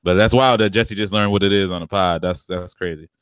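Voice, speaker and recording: A man's voice: low voice, fairly quick, fairly bright tone, clear, resonant tone, no echo. A man co-hosting a podcast in a casual, slangy chat, telling stories and laughing often. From family from the American South. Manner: laid-back slangy storytelling, laughs a lot. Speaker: podcast co-host.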